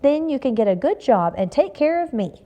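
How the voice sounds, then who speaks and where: A woman voicing a loud, playful Mexican-American mother in a storybook reading. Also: sits high, moderate pace, dull audio, pitched above the performer's own voice. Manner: excited, shouting.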